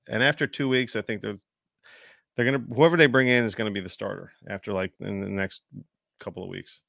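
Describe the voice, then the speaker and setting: A man co-hosting a fantasy football podcast in casual chat, rambling and animated and swearing often. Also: on the low side, a little fast, vocal fry, dry recording.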